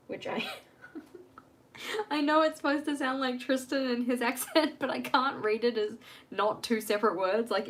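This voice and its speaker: This young woman speaks at a fairly high pitch, chatting casually on a home live stream as she works on her journal. She rambles and laughs at herself over slight background noise.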